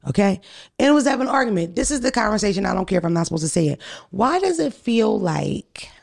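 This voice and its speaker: A woman's voice: mid-range voice, expressive, rapid-fire, creaky, a little mellow. A woman hosting a podcast, telling stories in a blunt, profane, casual way. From United States. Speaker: podcast host.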